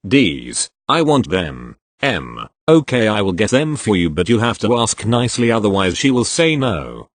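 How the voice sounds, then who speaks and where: A man's voice: on the low side, sing-song, normal speed, hardly any pauses, no echo. A man reading online posts aloud as a story, at an uneven pace.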